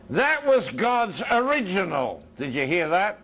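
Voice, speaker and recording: An American man preaching a sermon as a minister, his voice dropping low and soft and then rising again. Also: sing-song, measured pace, few pauses.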